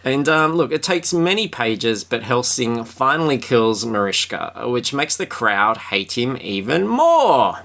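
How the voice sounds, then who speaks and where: A man hosting a podcast in casual chat, reading passages aloud between jokes. His voice is bright and clear, and his delivery stays dry and sardonic. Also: medium pitch, sing-song, unhurried, few pauses. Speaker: podcast host.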